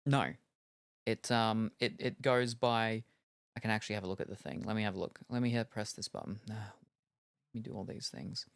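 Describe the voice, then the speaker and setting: A man's voice: on the low side, steady tone, moderate pace, creaky, smooth, no room sound, studio quality. A man streaming games, chatting casually in a rambling, self-deprecating way with lots of ums. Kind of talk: casual chat while gaming.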